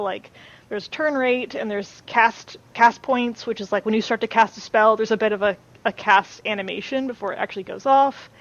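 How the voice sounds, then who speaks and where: A woman's voice: fairly high pitch, muffled recording. A woman chatting as a podcast guest, talking loosely with many fillers and restarts. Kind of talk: casual chat.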